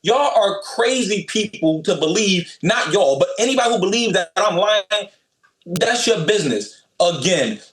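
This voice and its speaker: A man's voice: high voice, animated, normal speed, fairly bright tone, reverberant. A man calling in as a boxer guest, talking trash in a blunt, profane, emphatic way. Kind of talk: brash trash talk.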